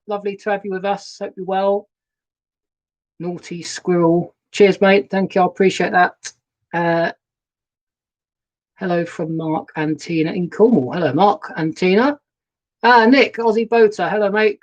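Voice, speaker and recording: A man, chatting casually and rambling a bit while hosting a live stream from inside a narrowboat and greeting viewers by name. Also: high-pitched. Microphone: laptop webcam setup.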